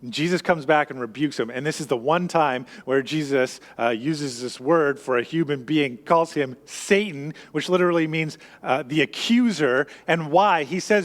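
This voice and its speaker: A man's voice: a little high, normal speed, few pauses. A man preaching a sermon as pastor, talking conversationally with restarts and acting out what the people in his story say. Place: church sanctuary. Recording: long church reverb.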